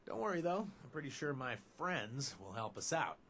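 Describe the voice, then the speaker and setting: A man's voice: mid-range voice, sing-song, normal speed, a bit bright, a little hiss or hum. An actor playing a chatty reformed male ex-raider in a video game, rambling with self-deprecating asides. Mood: scheming.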